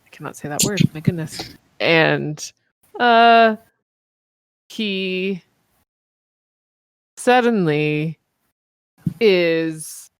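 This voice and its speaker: A woman's voice: lowish voice, animated, extremely slow, long pauses, smooth, no room sound, studio quality. A woman narrating as game master of a tabletop game, rambling with lots of fillers and laughter.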